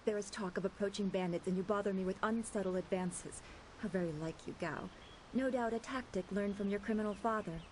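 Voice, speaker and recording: A woman's voice: medium pitch, slight background noise, lightly acted, rough recording. A woman voicing a cool, poised young seer. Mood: disdainful. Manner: cool, measured and dryly cutting. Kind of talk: video game voice acting. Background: game music.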